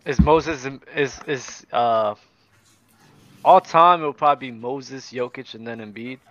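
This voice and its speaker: A man with an average pitch argues basketball on a podcast, punching his points and saying them again for weight. His voice comes through dull and lo-fi. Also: unhurried, fairly bright tone. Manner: emphatic, repeats himself for stress. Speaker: podcast co-host. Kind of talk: casual sports debate.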